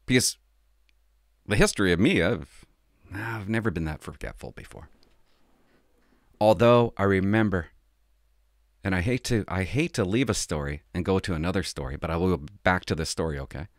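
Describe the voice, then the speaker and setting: A middle-aged man, a former police officer, telling a story from his work in a casual, animated way. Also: sits low, moderate pace, long pauses, no echo, studio quality. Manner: animated, acts out the people he quotes.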